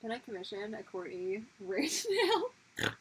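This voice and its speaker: A woman's voice: medium pitch, moderate pace, slight background noise, poor audio. A woman chatting casually to viewers while drawing on a livestream, chatty and exclamatory. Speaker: livestreaming artist.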